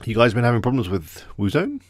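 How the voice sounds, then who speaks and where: English male streamer, mid pitch, dry close sound, casual chatty delivery. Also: wildly swooping pitch, fast, dry recording. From England. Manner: chatty, greets viewers by name. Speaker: live stream host. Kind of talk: casual live stream chat.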